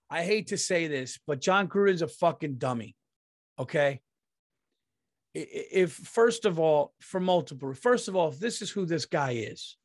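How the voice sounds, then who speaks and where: Heated, profane man with a raised pitch. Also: fairly bright tone. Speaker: comedian and podcast host. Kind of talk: casual ranting monologue.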